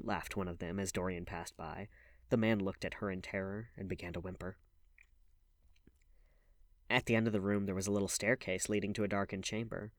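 A male audiobook reader with a low-pitched voice and a measured, even delivery. The sound is dry and close, with no room around it. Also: no room sound. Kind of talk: scripted audiobook narration.

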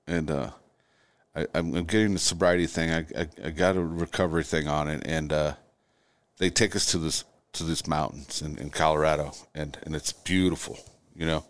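A middle-aged man, a guest, telling his own story in conversation, halting and repeating words as he goes. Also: very deep voice, steady tone.

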